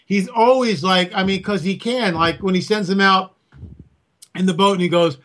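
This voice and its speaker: A man talking as an interview guest, an animated storyteller who acts out quotes. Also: high-pitched, moderate pace. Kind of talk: casual interview talk.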